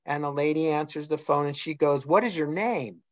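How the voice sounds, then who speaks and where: A man's voice: a little high, normal speed, dry recording. Middle-aged man, storytelling, quotes dialogue, dry dull recording. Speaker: guest. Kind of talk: casual discussion. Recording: dull lo-fi sound.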